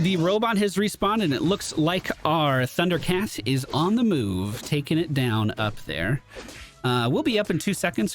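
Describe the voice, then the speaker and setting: A man's voice: fairly high pitch, background noise. A tired man giving explanatory play-by-play commentary over a video game match. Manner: explanatory, animated, strategic play-by-play. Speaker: gaming commentator. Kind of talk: gameplay commentary. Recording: clear background music.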